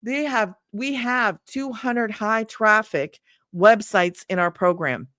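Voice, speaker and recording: A woman's voice: mid-range voice, slow pace, a bit bright. A middle-aged woman teaching in a loose, chatty livestream, laughing often and wandering off topic before pulling herself back. The sound is dry and close, with no room echo. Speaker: online business coach. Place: home room.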